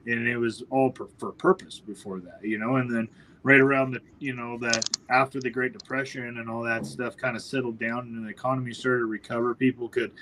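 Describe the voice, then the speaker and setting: A man's voice: mid-range voice, a little fast, slight background noise, low-quality recording. A man from northwestern Ontario telling hunting stories in a casual podcast chat, acting out the voices of people he quotes. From northwestern Ontario, Canada. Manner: animated storyteller, acts out quoted voices. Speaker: podcast host.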